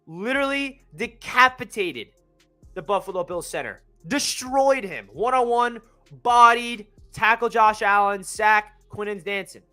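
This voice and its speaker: Young guy hyped up recapping a football game, high bright voice, rambles and corrects himself, faint music behind. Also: unhurried, clean tone. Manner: energetic, rambling, self-correcting. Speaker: sports fan channel host.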